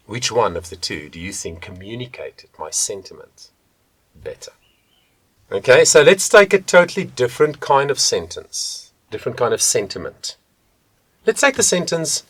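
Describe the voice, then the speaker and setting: A man working as a vocal coach, teaching vocal technique to the camera and shifting between soft and loud demonstrations. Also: lowish voice, big pitch swings, a little slow, pauses often, slightly rough, no echo.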